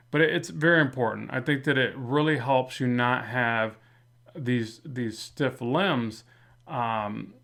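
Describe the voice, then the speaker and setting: A man with a slight lisp, talking through a drawing in a relaxed, rambling way as a comic art instructor. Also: mid-range voice. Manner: relaxed, rambling, many fillers and restarts. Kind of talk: casual drawing tutorial narration.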